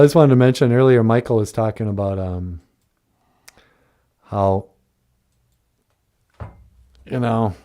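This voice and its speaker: A man's voice: mid-range voice, warm tone. A man hosting a casual live-stream chat, joking in a laid-back way and reading viewer comments aloud. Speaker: show host.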